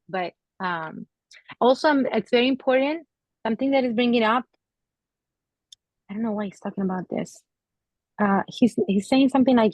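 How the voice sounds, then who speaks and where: A woman giving a psychic reading to an audience member, speaking gently and hesitantly with many pauses and fillers, and getting emotional. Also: on the high side, no echo, highs cut off. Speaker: psychic medium.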